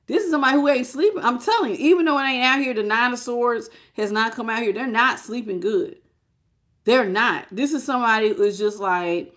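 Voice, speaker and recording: Woman with a slightly high voice doing a chatty live tarot reading aimed straight at the viewer. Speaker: tarot reader.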